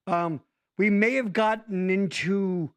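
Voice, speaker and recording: A man's voice: high-pitched, slow pace, clean tone. A man hosting a podcast in casual chat, joking and cursing freely. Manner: joking, profane, animated. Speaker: podcast host.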